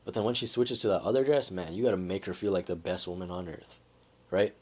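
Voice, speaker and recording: A man's voice: low voice, quick pace, darkish tone. A man talking casually to camera and explaining persuasion ideas. He keeps checking in with "right?" and fills his talk with "like.". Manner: conversational, says "right?" and "like" often. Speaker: self-help vlogger.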